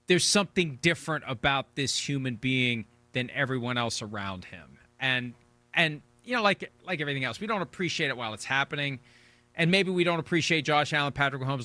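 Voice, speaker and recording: A man's voice: mid-range voice, pushed and bright, no room sound. A man in his sixties hosting a sports talk show, chatting casually and rambling with frequent restarts. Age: 60s. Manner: rambling, repeats words when restarting.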